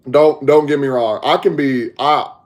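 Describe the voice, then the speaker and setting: Unhurried and steady in tone, this young man has a mid-range voice and a Southern accent from Texas. He hosts a podcast livestream through a headset mic, chatting casually with viewers, laid-back and slangy, and talking to chat.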